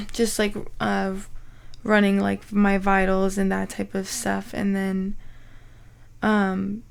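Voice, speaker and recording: A young woman hosting a podcast, telling a personal story in a halting way, full of "like" fillers and frequent throat clearing. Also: mid-range voice, steady tone. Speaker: podcast host.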